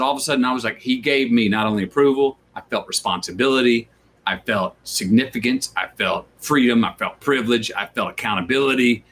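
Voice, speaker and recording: A man as an interview guest, talking casually and acting out quoted voices as he tells stories. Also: mid-range voice. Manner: animated storyteller who acts out quoted voices. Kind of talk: casual conversation.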